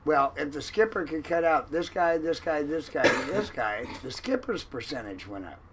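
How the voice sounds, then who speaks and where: A man telling a long story in an interview about his time as a fishing boat cook, animated and acting out the lines of others. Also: a little high, moderate pace, heavy background noise. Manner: animated, acts out quoted lines loudly.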